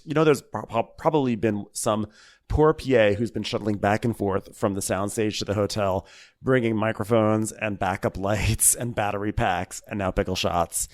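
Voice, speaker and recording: A man's voice: lowish voice, clean tone. A man co-hosting a podcast, recapping a TV show in rambling, wry casual chat and laughing often. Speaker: podcast co-host.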